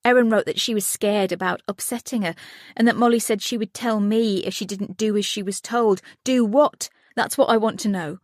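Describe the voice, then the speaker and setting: A woman's voice: mid-range voice, moderate pace, darkish tone, no echo, clean studio sound, voice pushed up, natural voice. A woman voicing a grieving mother who is angry and accusing in an audiobook, speaking with raised urgency. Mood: anguished.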